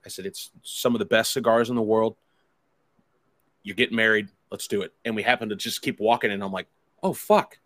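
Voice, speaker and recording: A man's voice: on the low side, level tone, a little fast, fairly bright tone, dry recording. A man telling a rambling, profane story in casual chat, acting out his friends' lines. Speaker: podcast host telling a story.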